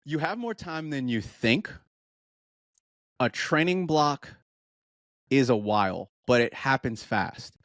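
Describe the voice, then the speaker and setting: A man's voice: mid-range voice, slow, pauses often, no room sound, clean studio sound. A man in his thirties, a running coach, chatting casually and acting out what his runners say. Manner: animated storytelling, acts out quoted voices. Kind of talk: casual podcast chat.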